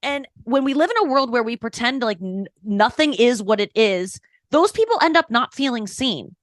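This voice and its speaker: A woman comedian with a fairly high voice talks frankly in an interview. She speaks quickly and emphatically and acts out little quotes as she tells stories. The recording is dry and close, with no room sound. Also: animated, dry recording. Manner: frank, storytelling with acted-out quotes; quick, emphatic, self-correcting. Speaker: stand-up comedian, podcast guest. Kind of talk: candid interview talk.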